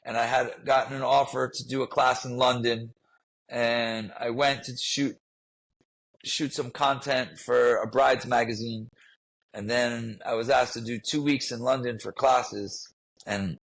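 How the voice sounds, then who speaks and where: A man's voice: mid-range voice, fairly even intonation, a little slow, gravelly, fairly bright tone, poor audio. A man telling a personal story in a podcast interview, earnest and emotional, often repeating himself. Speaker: guest, fitness trainer.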